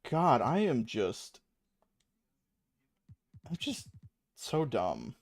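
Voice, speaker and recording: A man's voice: mid-range voice, wildly swooping pitch, drawn-out words, no echo. A young adult man streaming a video game, rambling and self-mocking with a lot of swearing and frequent laughs. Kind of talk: casual gaming stream commentary.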